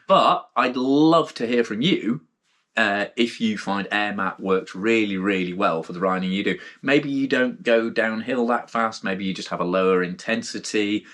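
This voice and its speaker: Low-voiced British man reviewing gear frankly. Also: fairly bright tone. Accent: British English. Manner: frank and rambling, with frequent restarts and blunt asides. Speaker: mountain bike gear reviewer, channel host. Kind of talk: casual spoken product review.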